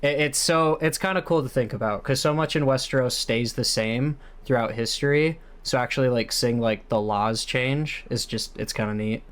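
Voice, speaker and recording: A man co-hosting a podcast, talking in a relaxed, chatty way full of filler words. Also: medium pitch, moderate pace, few pauses. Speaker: podcast co-host. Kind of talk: casual fan discussion.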